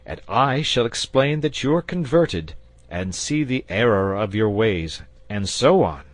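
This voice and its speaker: A man's voice: lowish voice, expressive, unhurried, no room sound, pitched above the performer's own voice. A man voicing a confident, patient male knight who speaks persuasively and earnestly.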